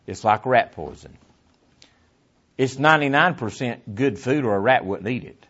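Guy preaching a sermon in church, goes loud then drops almost to a whisper, repeats himself a lot, kinda muffled lo-fi tape. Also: medium pitch, lively intonation, moderate pace. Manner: swings from loud emphasis to hushed near-whisper, repeats phrases. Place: church before a congregation.

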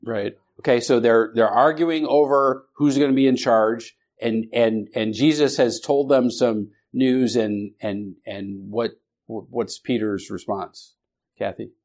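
Man teaching a Bible class, halting. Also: mid-range voice, fairly even intonation, darkish tone. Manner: halting, with many restarts and fillers; asks the class questions, calls on students.

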